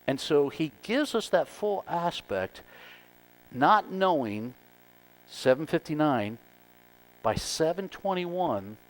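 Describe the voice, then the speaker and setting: A man's voice: medium pitch, rough recording. A male pastor giving a conversational, emphatic sermon and working through numbered points.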